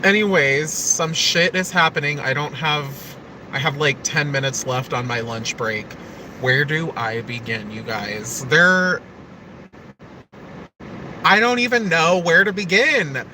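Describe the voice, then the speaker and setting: A man's voice: on the high side, slow pace, noisy background. A man on a casual live stream, ranting angrily with lots of swearing. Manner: angry, profane and emphatic. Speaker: livestreamer.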